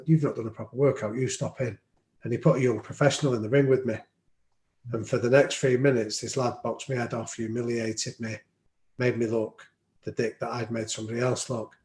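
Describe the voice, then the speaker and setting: A man's voice: medium pitch, flat delivery, fairly quick, a little mellow, slight background noise. A man telling stories as a podcast guest, reflective and anecdotal, with frequent ums. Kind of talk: storytelling in an interview. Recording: roomy echo.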